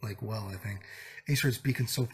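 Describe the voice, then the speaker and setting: A man's voice: fairly low pitch, moderate pace, breathy edge. A young man vlogging casually, sick and exasperated, rambling profanely about a bad day. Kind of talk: casual vlog rant.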